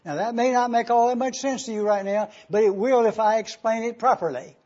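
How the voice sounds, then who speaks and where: A man preaching a sermon, teaching and emphatic, bursting into sudden excitement as he explains. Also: very high-pitched, a little fast, highs cut off.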